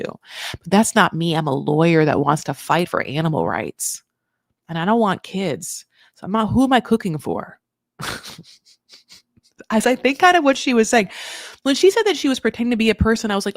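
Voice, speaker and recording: A woman hosting a comedic recap of a reality show, talking in an animated, jokey way, laughing often and acting out what people said. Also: on the low side, moderate pace, no echo, studio quality.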